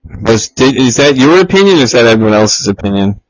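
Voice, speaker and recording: A man's voice: mid-range voice, fairly quick, poor audio. A man co-hosting a casual podcast, teasing his friends and swearing freely. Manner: profane, teasing, animated impressions. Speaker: podcast co-host. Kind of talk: casual chat.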